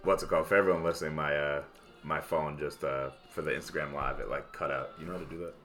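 Deep-voiced young man hosting casually. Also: fast talker, faint music behind. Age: young adult. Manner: relaxed, rambling with many fillers. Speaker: podcast host. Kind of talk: casual chat.

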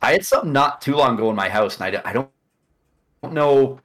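A man's voice: mid-range voice, animated, fast. A man, a guest on a casual podcast, telling a long story with many restarts and asides.

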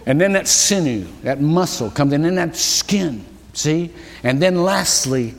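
A man preaches a sermon, his pitch swinging widely as he acts out the voices in the story. His voice sits a little high for a man. The sound carries a long reverb from the church hall. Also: unhurried. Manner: animated storytelling, acting out quoted voices. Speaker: pastor. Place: church sanctuary.

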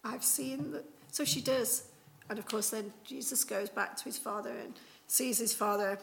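A woman's voice: mid-range voice, steady tone, normal speed, gravelly. A woman preaching an informal Easter sermon, retelling the story in a chatty way with many fillers.

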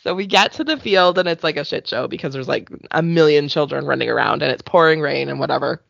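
A Canadian woman in her thirties co-hosting a podcast, telling stories in a casual, animated way with frequent laughter, sounding congested from allergies. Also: deep voice, fast talker, vocal fry, no echo, muffled recording. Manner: animated storytelling, laughs often. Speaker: podcast co-host. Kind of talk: casual chat.

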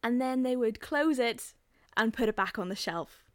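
Animated young woman telling a story. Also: moderate pace, no room sound, studio quality. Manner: animated storyteller, acts out quotes in high voices, laughs often. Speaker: podcast co-host. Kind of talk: casual storytelling chat.

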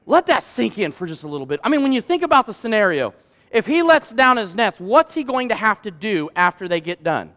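High-voiced folksy male pastor. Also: big pitch swings, fairly quick. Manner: conversational, folksy, builds to loud emphatic peaks. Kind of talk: sermon.

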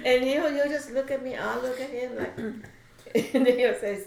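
A woman's voice: high-pitched, lively intonation, slow, long pauses, a crowd in the background. A woman telling a funny story about her husband, laughing between lines. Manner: tells anecdotes, laughs. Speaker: married guest. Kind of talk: casual storytelling. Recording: echoey room.

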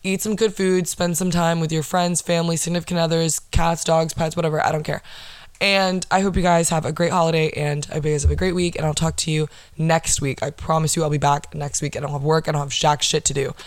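A woman's voice: deep voice, little pitch movement, a little fast, dry recording. A young woman hosting a solo podcast, telling an exasperated story full of profanity. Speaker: podcast host.

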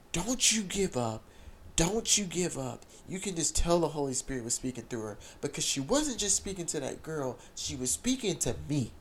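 A young man telling an emotional, excited personal testimony, repeating phrases as he speaks. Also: mid-range voice, slight background noise.

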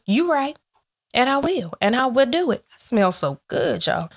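A woman vlogger talks casually about faith to her viewers, telling lively stories where she performs both her own lines and God's replies, tossing in playful asides. Her voice sits high and sounds creaky, and she speaks fairly quickly.

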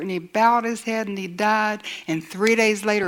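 A woman's voice: medium pitch, normal speed, hardly any pauses, a bit bright. A woman preaching a sermon in an earnest way, building with repeated lines and sometimes dropping almost to a whisper. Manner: earnest, drops to near-whispers for emphasis; builds with repetition and rising lines.

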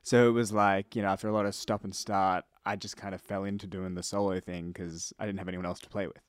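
A man's voice: sits low, quick pace, dry recording. A young Australian man, a musician guest in a studio, chatting casually with plenty of "like" and "you know". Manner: relaxed, many fillers like "like" and "you know". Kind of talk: casual interview chat. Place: recording studio.

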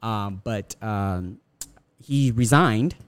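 A man's voice: fairly low pitch, very slow, clean tone, dry recording. A young man co-hosting a casual podcast, talking in a rambling, profane way with many restarts. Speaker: podcast co-host.

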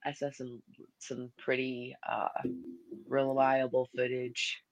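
A woman's voice: a bass voice, monotone, slow pace, poor audio. A woman co-hosting a podcast, speaking in a blunt, matter-of-fact casual chat. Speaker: podcast co-host.

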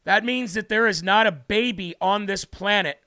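A man's voice: sits high, moderate pace, vocal fry, pushed and bright. A man hosting a livestream who preaches fervently and emphatically, repeating words for stress, and is moved to tears. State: tearful, moved. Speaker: livestream host.

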